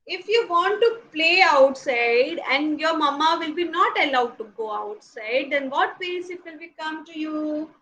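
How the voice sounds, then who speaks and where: A young woman with an Indian English accent leads a class of small children over a video call. Her voice is bright and high. She speaks slowly and coaxingly, firing off questions and laughing often. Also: expressive, low-quality recording. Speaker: nursery teacher.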